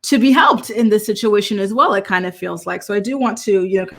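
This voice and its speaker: A woman's voice: medium pitch, fairly quick, fairly bright tone. A woman hosting a reality TV gossip commentary, chatty and opinionated, with lots of fillers and restarts. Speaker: host.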